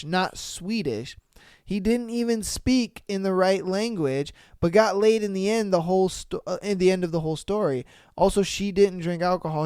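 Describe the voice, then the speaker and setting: A man hosting a podcast, reading listener posts and reacting in a slangy, profane, animated way. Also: sits high, clean tone, no echo, studio quality. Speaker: podcast host.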